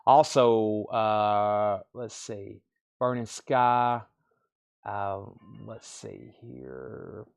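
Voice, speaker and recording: A man hosting a live-streamed record sale, reading off albums, pressings and prices in a loose, friendly patter. He moves quickly from one title to the next and sometimes stumbles over names. His voice sits at a typical pitch. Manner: friendly and easygoing.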